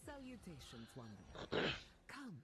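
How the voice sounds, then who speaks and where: A woman voicing a grave, formal female merchant from a dark fantasy video game. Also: fairly low pitch, huge pitch swings, a little slow, exaggerated voice. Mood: solemn.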